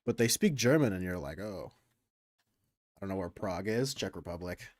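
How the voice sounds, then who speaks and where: Young male streamer, casual and crude, talks in loose run-on stories, slightly low voice. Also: expressive, normal speed, darkish tone, no room sound, clean studio sound. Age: young adult. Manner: rambling, self-interrupting, crude.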